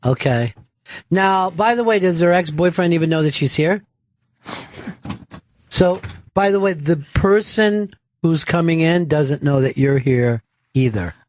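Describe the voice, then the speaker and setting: A man's voice: fairly high pitch, unhurried, long pauses, dry recording. A man hosting a radio show, joking and teasing his guests in casual, profane banter on a studio mic.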